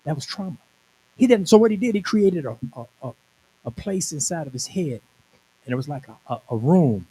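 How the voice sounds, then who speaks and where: Brief: male minister in his sixties, emphatic testimony sermon, fairly high pitch. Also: expressive, fairly quick, dark tone, low-quality recording. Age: 60s. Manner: conversational storytelling, emphatic. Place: conference venue.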